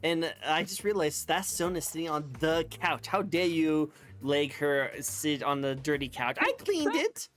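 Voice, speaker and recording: A man hosting a casual interview, excitable and animated, often repeating words. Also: on the high side, normal speed. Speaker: host.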